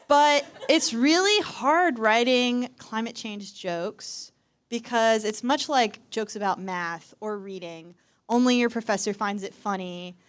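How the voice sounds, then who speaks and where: A young woman tells a personal story as stand-up, her delivery wry and self-deprecating. Her pitch sits in the middle range. She is performing live on a university stage. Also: clean tone. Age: young adult. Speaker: student performer.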